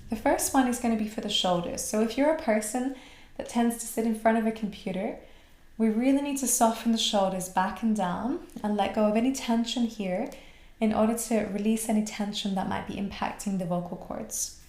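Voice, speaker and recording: A woman from Australia teaching a voice class, guiding the breath with calm, slow cues. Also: on the high side. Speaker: voice and mantra teacher. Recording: roomy echo.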